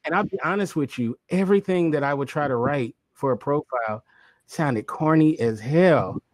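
A man's voice: on the high side, moderate pace, no room sound. Laid-back male livestream host, dry close sound. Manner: laid-back, slangy, laughs often. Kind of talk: casual livestream chat.

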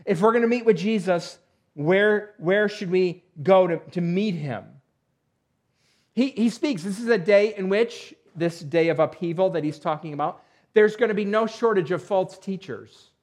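Guy preaching a sermon, kinda high voice, dry little jokes, lots of is he here? no. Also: normal speed, a little mellow. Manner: conversational with dry asides and self-deprecating humor; emphatic rhetorical questions. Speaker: pastor.

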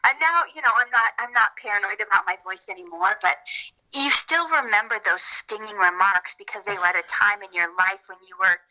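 Woman guest, light youthful tone, very bright, earnest storyteller, lo-fi call sound. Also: medium pitch, fairly quick. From Minnesota. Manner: earnest, animated storytelling with frequent laughs. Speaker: interview guest, filmmaker and actress. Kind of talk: casual interview chat.

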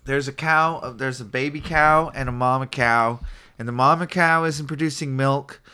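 A man's voice: mid-range voice, steady tone, moderate pace, sharp tone, clean tone. A man co-hosting a podcast in casual chat, explaining things and dropping wry quips.

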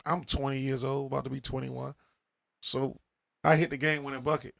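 A man's voice: mid-range voice, fairly quick, creaky. A man, telling a long, profane street story to friends and acting out the dialogue. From Chicago. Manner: animated, profane, acts out dialogue with laughs. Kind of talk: casual group chat, storytelling.

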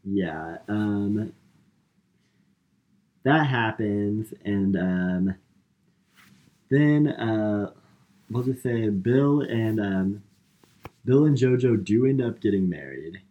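Male podcast co-host, deep-ish and unhurried, loose filler-heavy recap. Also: animated, lo-fi sound. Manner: rambling, filler-heavy retelling with lots of "like" and "um". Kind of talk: casual movie recap chat.

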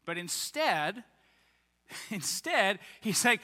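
Guy preaching a sermon, higher voice, really bright and cutting, big church reverb. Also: normal speed. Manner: animated, acts out quoted voices. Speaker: pastor. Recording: long reverb of a large hall.

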